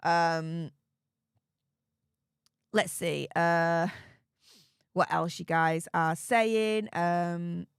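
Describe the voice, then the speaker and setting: A young English woman hosting a live stream, rambling in a chatty, excitable way with plenty of fillers and mild cursing. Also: on the low side, very slow, vocal fry, pauses often, smooth, no echo, clean studio sound. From Yorkshire, England. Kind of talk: casual live stream chat.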